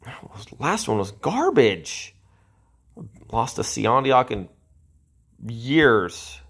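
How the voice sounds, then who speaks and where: A man giving frustrated gameplay commentary as a channel host, sighing and ranting with drawn-out insults at the game. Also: medium pitch, big pitch swings, fairly bright tone, husky.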